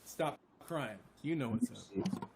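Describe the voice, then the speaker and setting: A man's voice: medium pitch, expressive, slow pace, creaky, a little mellow. A man who writes and sings his own songs, chatting casually as a live-stream guest in a rambling, self-deprecating way with easy swearing. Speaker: singer-songwriter guest.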